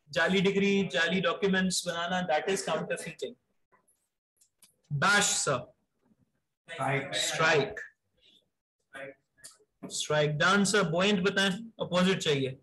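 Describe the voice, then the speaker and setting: High-voiced man quizzing vocabulary. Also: fairly even intonation, bright, forceful tone, poor audio. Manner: brisk, mixes Urdu into English, calls students "sir". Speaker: vocabulary teacher. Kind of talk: live online class, quizzing students.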